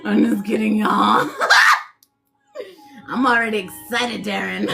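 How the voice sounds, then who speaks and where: A woman's voice: fairly high pitch, expressive, slow, creaky, sharp tone, faint music behind. A woman hosting a wellness livestream, chatting with viewers in a playful, teasing way, laughing often and calling them darling. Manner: calls listeners "darling". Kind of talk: casual live chat with viewers.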